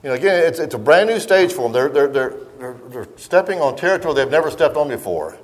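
A man's voice: fairly high pitch, sing-song, quick pace. Earnest middle-aged man preaching to parents. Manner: earnest, repetitive restarts, reads aloud from a book. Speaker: pastor. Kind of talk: sermon.

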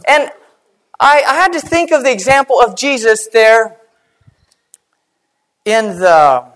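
A woman preaching a sermon, earnest and measured, slowing down and dropping quiet to stress a point. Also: on the high side, animated.

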